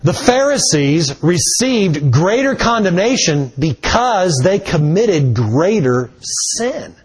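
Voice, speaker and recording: Man, preacher, sermon, unhurried delivery, animated pitch. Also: breathy edge. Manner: slow, deliberate preaching with emphatic rises.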